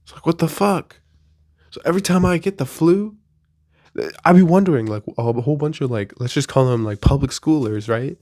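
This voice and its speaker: A man's voice: a little high, normal speed, a little mellow, no echo, studio quality. A man in his early twenties, sick with the flu, venting in an exasperated, profane casual rant. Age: 20s. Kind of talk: casual ranting monologue.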